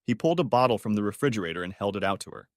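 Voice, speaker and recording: A man narrating an audiobook story in a measured, scripted reading. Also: fairly low pitch, expressive, no room sound, clean studio sound.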